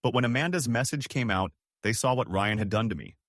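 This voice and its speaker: A man's voice: mid-range voice, lively intonation, brisk, fairly bright tone, no room sound, clean studio sound. A man voicing a remorseful ex-wife who pleads in a trembling voice. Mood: pleading. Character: tearful remorseful ex-wife, adult woman.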